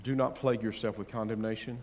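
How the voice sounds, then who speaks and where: A male pastor preaching a sermon, swinging between loud, fervent declarations and quiet, gentle counsel, with playful asides to the congregation. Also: fairly low pitch, level tone, fast, in a large hall.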